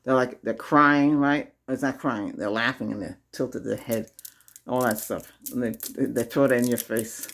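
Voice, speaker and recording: A man's voice: mid-range voice, fairly even intonation, normal speed, a bit bright. A man hosting a Reiki video, giving casual spoken advice to viewers, chuckling often and repeating himself. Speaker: Reiki ASMR host.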